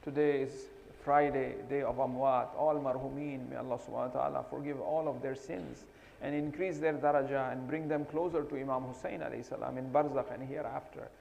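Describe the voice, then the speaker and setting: Male preacher, gravelly and slightly high voice, emotional sermon storytelling in an echoing hall. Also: fairly even intonation, fairly quick, hardly any pauses, a little mellow, dull audio. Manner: emotional storytelling, rising to impassioned pleading. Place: mosque hall. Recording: long hall reverb.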